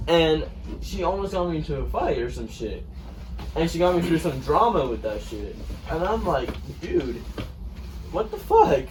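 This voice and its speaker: A man's voice: on the high side, big pitch swings, moderate pace. A young man telling a story in casual chat, rambling and swearing often and acting out what people said. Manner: rambling, profane, retells with quoted dialogue. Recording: distant mic with faint noise.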